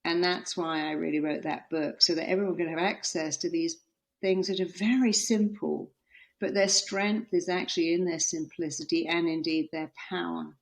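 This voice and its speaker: A middle-aged woman author, a guest on an interview podcast, telling stories with lively quoted voices. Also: fairly low pitch, normal speed, vocal fry. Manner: animated storytelling, acting out quoted voices.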